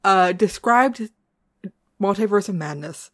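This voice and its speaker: Woman, New England accent, podcast co-host, wry, relaxed, mid pitch. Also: slow. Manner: relaxed, wry, introduces the episode. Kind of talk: casual podcast chat.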